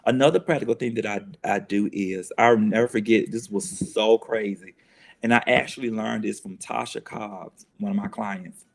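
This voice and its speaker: A man's voice: on the low side, normal speed, vocal fry. A man, speaking as a guest in an earnest, reflective conversation, often restarting and repeating phrases as he works through his thoughts.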